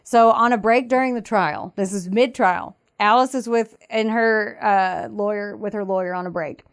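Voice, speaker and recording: A woman co-hosting a podcast, casually retelling a true-crime story with lively acted-out quotes and frequent laughter. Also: medium pitch, normal speed. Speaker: podcast co-host.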